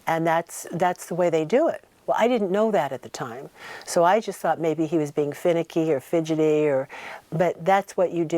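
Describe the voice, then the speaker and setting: A woman telling a personal story in a casual interview, animated and acting out the voices of people she quotes. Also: deep voice, dry recording. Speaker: guest recounting memories.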